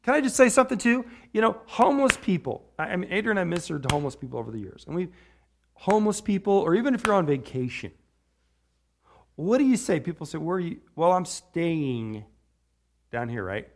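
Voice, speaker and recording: A man's voice: sits high, sing-song, fast, vocal fry, slight background noise. A man preaching an informal sermon in a chatty, rambling way, often checking in with "right?". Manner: chatty, tags lines with "right?"; rambling with restarts.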